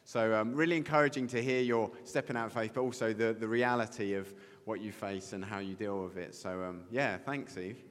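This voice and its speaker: A man's voice: on the low side, fairly even intonation, fairly quick, few pauses. A man interviewing a guest on stage and leading a church gathering, affirming and reflective, recorded in a large reverberant hall.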